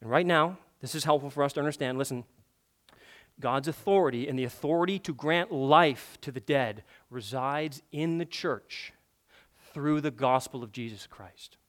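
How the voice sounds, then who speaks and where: A man preaching a sermon as pastor, emphatic, swinging between loud urgent passages and hushed intimate ones, with conversational asides and rhetorical questions. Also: mid-range voice, normal speed.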